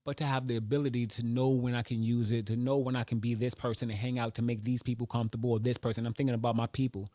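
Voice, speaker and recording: A man in his forties talking casually about school, an animated storyteller who acts out other people's voices. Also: mid-range voice, fast talker, few pauses, dry recording, studio quality. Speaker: vlogger. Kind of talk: casual reflective monologue.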